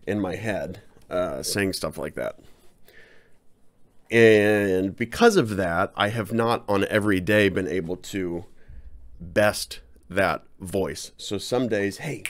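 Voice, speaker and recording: Low-voiced man rambling in a vlog. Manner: rambling, self-deprecating, halting with many fillers. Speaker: channel host. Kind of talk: casual personal vlog.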